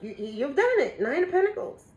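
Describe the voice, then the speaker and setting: A woman doing a casual spiritual tarot reading for her viewers, emotional and a little profane, swinging between excited outbursts and hushed awe. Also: high voice, brisk, lo-fi sound. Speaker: tarot reader.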